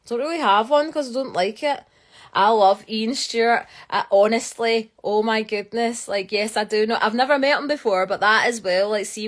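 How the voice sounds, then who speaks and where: A young Scottish woman, a geologist, chatting casually on a live stream, answering viewer questions in a rambling way with lots of fillers. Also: mid-range voice. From Scotland. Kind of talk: casual live-stream chat reading comments.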